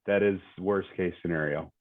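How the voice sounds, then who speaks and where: A man's voice: sits low, steady tone, normal speed. Man in his thirties on a tinny line. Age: 30s. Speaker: sports panelist.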